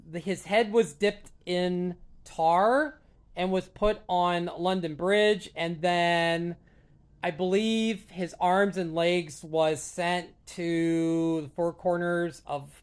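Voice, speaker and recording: Casual solo vlogger who talks slowly and wanders off topic, hesitant and earnest. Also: medium pitch, clean tone. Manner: rambling and hesitant, many fillers and restarts; earnest, openly emotional about films. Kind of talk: casual solo chat to camera.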